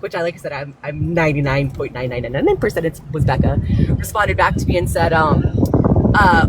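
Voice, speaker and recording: A woman's voice: sits low, lively intonation, fairly quick. A woman guest on a live stream, telling a long story in a rambling way with many fillers. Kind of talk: casual live-stream chat. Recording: noisy background hiss.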